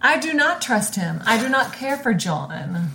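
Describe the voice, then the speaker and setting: A woman's voice: fairly high pitch, very animated, unhurried, gravelly, bright, forceful tone, a little hiss or hum. A woman co-hosting a podcast, chatting casually in a blunt, sarcastic way. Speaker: podcast co-host. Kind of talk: casual chat.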